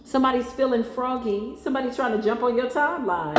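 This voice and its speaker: A woman's voice: on the high side, animated, a little fast, heavy background noise. Slangy, emphatic woman giving a tarot reading. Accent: mixed Spanglish accent. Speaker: tarot reader. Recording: echoey room with faint ambience.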